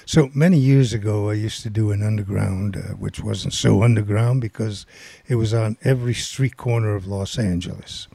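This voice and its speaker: Older male storyteller, raspy and mellow, dry close sound, animated delivery. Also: fairly low pitch, moderate pace, dry recording. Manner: rambling, animated storytelling with quoted voices. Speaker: guest storyteller. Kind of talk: casual anecdote telling.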